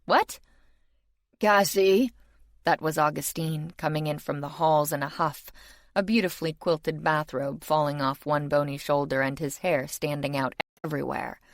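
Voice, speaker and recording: A woman's voice: deep voice, flat delivery, moderate pace, dry recording, studio quality. A woman narrating a first-person fantasy audiobook in a wry, exasperated tone.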